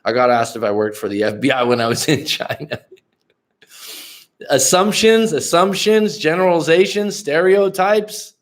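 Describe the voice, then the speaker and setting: A talkative, outgoing young American man from the Bay Area in California, a life coach, hosts a livestream and casually tells stories to his live chat. His voice is medium in pitch with fairly even intonation, and he speaks quickly.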